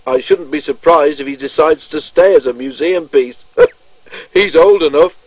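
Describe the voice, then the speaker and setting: A man voicing a boastful, teasing big male engine who chortles at his own jokes, with a husky voice. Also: sits high, wildly swooping pitch, moderate pace, darkish tone, no echo, pitched above the performer's own voice, full character voice, poor audio. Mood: mocking.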